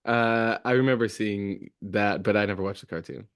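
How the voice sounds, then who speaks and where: A man's voice: lowish voice, fairly even intonation, moderate pace, a bit bright, clean tone. A man co-hosting a podcast, chiming in with brief dry questions and asides. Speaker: podcast co-host. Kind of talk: casual chat.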